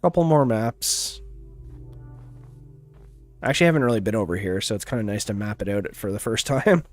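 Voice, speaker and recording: A man chatting casually on a gaming stream in a relaxed, rambling way, laughing now and then. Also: lowish voice, a little fast, faint music behind.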